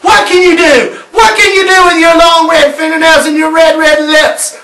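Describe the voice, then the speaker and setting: A man voicing a panicky teenage girl babysitter, shrieking and excitable. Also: very high-pitched, unhurried, pitched above the performer's own voice. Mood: shouting. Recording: roomy sound from a distant mic.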